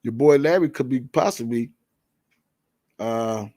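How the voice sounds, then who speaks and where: A male show host delivers a heated, cursing rant straight into a dry, close sound with no room echo. His pitch sits in an ordinary middle range for a man. He hammers key words by repeating them. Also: measured pace, dark tone. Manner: blunt, profane, confrontational.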